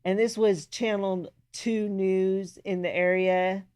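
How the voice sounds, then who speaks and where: A woman's voice: mid-range voice, fairly even intonation, slow, darkish tone, smooth. A woman co-hosting a political show, chatting casually as she reads news out. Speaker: co-host.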